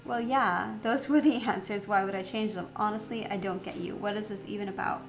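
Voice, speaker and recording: A woman's voice: mid-range voice, steady tone, brisk, creaky, over music, close to an everyday voice. A woman voicing a snippy teenage schoolgirl with a dismissive Valley Girl drawl, in a video game playthrough.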